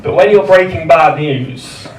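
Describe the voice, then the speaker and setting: Male stand-up, slightly high voice, flat deadpan timing, live club recording with room echo. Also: a crowd in the background. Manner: dry, deadpan delivery with measured pauses. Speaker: stand-up comedian. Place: comedy club stage with laughing audience. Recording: roomy live club sound from a distance, audience noise.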